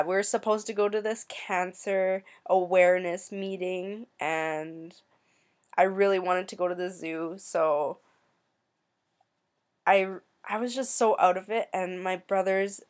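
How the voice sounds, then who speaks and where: Soft-spoken young woman, emotional. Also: mid-range voice, fairly even intonation. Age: young adult. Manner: soft, halting, emotional, many pauses. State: tearful. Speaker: vlogger. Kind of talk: personal storytelling.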